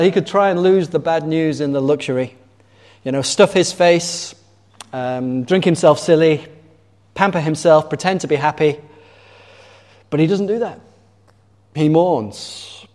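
A man's voice: a little high, darkish tone. A man preaching a sermon in a conversational way, asking the congregation questions. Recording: long reverb of a large hall.

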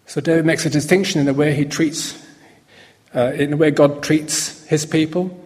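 A man preaching a sermon in a relaxed, conversational way, often pausing and restarting his sentences. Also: on the high side. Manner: conversational, halting with fillers and restarts. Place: church hall. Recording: long hall reverb.

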